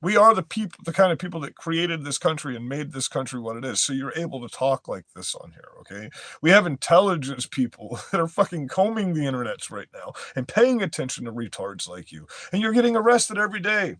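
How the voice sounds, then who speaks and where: A man's voice: mid-range voice, very animated, fairly quick, fairly bright tone, dry recording. A young man reading news headlines aloud and breaking into profane, aggressive, mocking rants as a commentary host.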